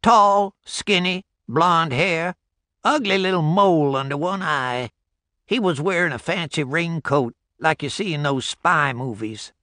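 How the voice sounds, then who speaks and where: A man's voice: fairly high pitch, measured pace, sharp tone, dry recording, studio quality, pitched above the performer's own voice. A man voicing a laconic old rural backwoods man with clipped, folksy replies.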